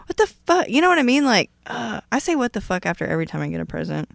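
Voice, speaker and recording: A woman co-hosting a podcast in casual chat, blunt and animated, swearing a lot. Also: mid-range voice, rapid-fire, vocal fry, no echo, studio quality. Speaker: podcast co-host.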